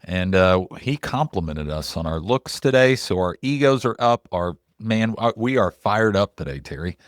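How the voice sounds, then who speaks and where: A middle-aged man co-hosting a podcast in loose, animated, casual chat, full of "like" and the odd swear. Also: on the low side, moderate pace, dry recording, clean studio sound. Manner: loose, animated and profane, heavy on "like" fillers. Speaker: podcast co-host.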